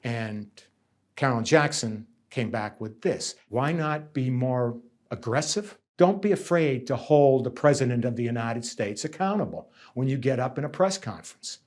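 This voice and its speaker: A man's voice: medium pitch, lively intonation, normal speed, a little mellow. A middle-aged man from central Massachusetts, a nursing union negotiator, giving emphatic interview answers as he tells stories and often repeats himself. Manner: emphatic, repeats himself, voices others' words. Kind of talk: interview answers, reflective storytelling.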